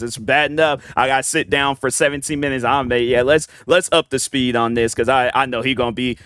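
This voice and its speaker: A man's voice: medium pitch, a bit bright, clean tone, no room sound, clean studio sound. A man hosting a reaction video, talking in loose, slangy, rambling runs with lots of restarts. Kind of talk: casual reaction commentary.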